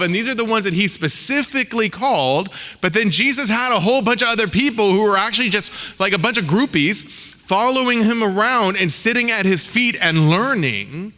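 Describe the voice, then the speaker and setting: A man with a slightly high, bright and forceful voice preaches a sermon in a conversational, slangy way. He acts out the voices of the people he quotes. The sound carries a long reverb from a church sanctuary. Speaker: pastor.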